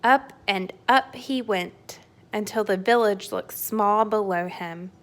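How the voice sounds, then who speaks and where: A woman reading a children's storybook aloud with expressive, playful narration. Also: medium pitch, slow.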